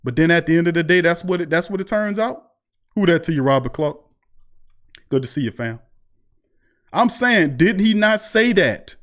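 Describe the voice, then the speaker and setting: A man's voice: a little high, animated, normal speed, long pauses, fairly bright tone. A man hosting a live sports talk stream, heated and repeating rhetorical questions to his chat. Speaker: sports show host.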